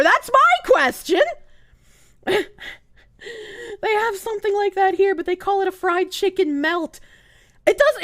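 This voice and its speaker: A young woman streamer from Boston chats and rants at her audience, cursing freely. Her voice sits very high and leaps all over the place with animated energy. The sound is dry and close, like a desk microphone at home. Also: dry recording. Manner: animated, profane ranting. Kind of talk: casual live-stream chat.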